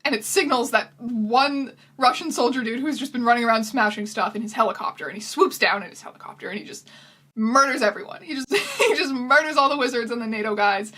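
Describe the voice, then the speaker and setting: A woman riffs through a movie recap in sarcastic, incredulous commentary. Her voice sits bright and slightly husky, a bit higher than most, close to the mic. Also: animated, brisk. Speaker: video host. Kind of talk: comedic commentary.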